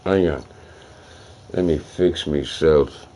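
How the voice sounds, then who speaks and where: A man's voice: very deep voice, slow, dark tone, slight background noise. A young man streaming, ranting to his chat in a profane, trash-talking way. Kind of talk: livestream rant to chat.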